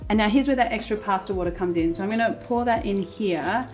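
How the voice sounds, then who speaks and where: A woman's voice: medium pitch, fast talker. A woman hosting a casual cooking demonstration, chatting through each step as she cooks in a kitchen. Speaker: cooking show host. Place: home-style kitchen, cooking at the stove. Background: sizzling pan and soft music.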